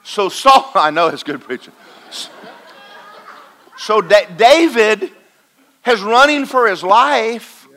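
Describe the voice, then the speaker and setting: A man preaching a folksy sermon to a congregation, swinging between loud and quiet. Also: sits high, lively intonation, slow, long pauses. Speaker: pastor. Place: church in front of a congregation.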